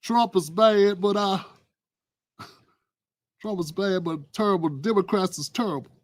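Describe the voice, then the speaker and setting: A man doing an impression of a grumbling male sports pundit, with a low, drawling and exasperated delivery. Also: a little slow.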